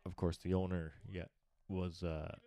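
Low-voiced laid-back podcast man. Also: little pitch movement, measured pace, mellow. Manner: laid-back, rambling with many fillers. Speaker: podcast co-host. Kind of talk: casual chat.

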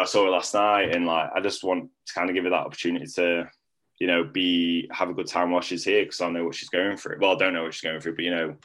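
Deep-voiced young man. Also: a bit bright. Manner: rambling, lots of "like" fillers. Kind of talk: casual storytelling to camera.

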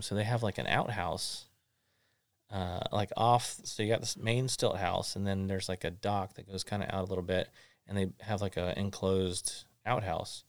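Guy hosting a chat, low voice, rambles thru a story w lots of ums, dry close sound. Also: normal speed, no room sound. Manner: rambling, animated storyteller with many fillers. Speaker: podcast host.

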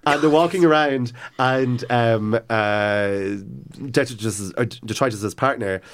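A man's voice: medium pitch, a little slow. A man in casual chat, retelling stories with enthusiasm and plenty of fillers and restarts.

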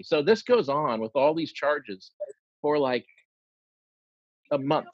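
A man with a husky voice tells a long funny story to friends, acting out each quoted line. His voice sits at a middling pitch. The recording is dull and dry. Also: normal speed, long pauses, no echo. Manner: animated anecdote teller, acts out quoted lines.

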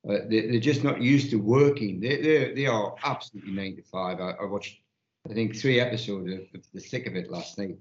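A man rambling in a live casual panel chat, halting and restarting as he goes. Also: fairly low pitch. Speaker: panel guest. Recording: dull, roomy lo-fi sound.

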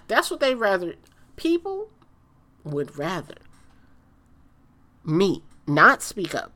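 A blunt woman ranting in a casual monologue, her lowish voice swinging widely in pitch. She sounds bright and forceful, hammering her points home by repeating them and swearing freely.

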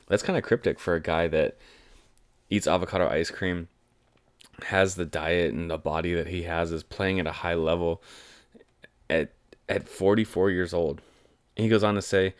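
Low-voiced young man talking football. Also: steady tone, moderate pace, dry recording. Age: 20s. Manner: chatty, enthusiastic fan rambling. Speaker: sports commentator. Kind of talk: casual sports talk monologue.

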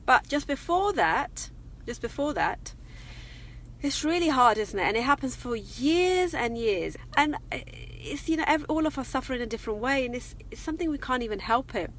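A woman's voice: high-pitched, lively intonation, moderate pace, fairly bright tone, a little hiss or hum. A middle-aged woman chatting casually and confidingly on a live vlog from her parked car. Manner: chatty, confiding, laughs often. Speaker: vlogger.

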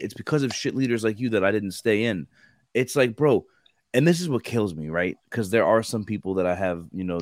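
A man co-hosting a podcast, telling stories in casual chat and acting out the other people's voices in a lively way. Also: deep voice, no room sound, clean studio sound. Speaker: podcast co-host.

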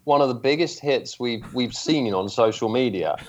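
A man's voice: mid-range voice, moderate pace, slight background noise. Dry-humored English man on lo-fi line. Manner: self-deprecating, dry humor. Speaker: podcast guest co-host. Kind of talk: casual chat.

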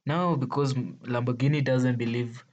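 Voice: medium pitch, steady tone, moderate pace, darkish tone, lo-fi sound. A vlogger with a Kenyan accent telling stories to viewers in a playful, exclaiming way, laughing often. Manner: playful, exclaiming, laughing often, mixing English with Swahili slang. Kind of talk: casual storytelling to viewers.

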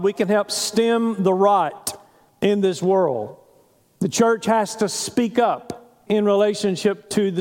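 A male pastor preaching a sermon earnestly, pausing for emphasis. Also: sits high, darkish tone, in a large hall.

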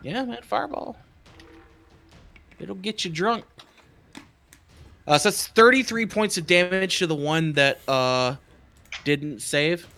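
A man's voice: sits high, slow, creaky, long pauses, pushed and bright, slight background noise. A man playing a tabletop game who thinks aloud, counts dice under his breath and cracks jokes. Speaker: player. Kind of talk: casual tabletop game chat.

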